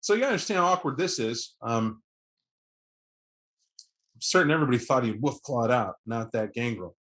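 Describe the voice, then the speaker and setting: A man's voice: medium pitch, animated, normal speed, a bit bright. A man running a tabletop game, narrating events in a vivid, conversational way with many fillers. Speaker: game master.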